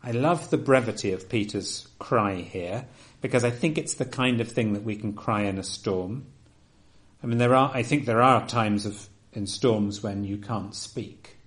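Earnest man preaching, low voice. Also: measured pace. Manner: earnest, emphatic with soft drops. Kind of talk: sermon.

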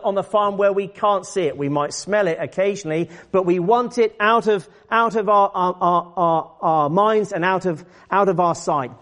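A man delivering a church sermon in an earnest, measured way. He builds to forceful, emphatic exhortation at times. His voice sits at a middle pitch. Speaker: preacher.

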